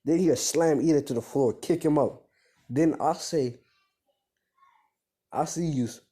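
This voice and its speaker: A man improvising a fan-fiction story out loud, rambling and correcting himself, in slangy casual speech. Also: on the high side, measured pace, pauses often, slightly rough.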